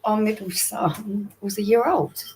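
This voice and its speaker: A middle-aged woman talks earnestly in a casual family chat, voice at an average pitch. Faint background noise runs under her. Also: steady tone, measured pace, a little mellow, low-quality recording. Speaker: mother on a family stream.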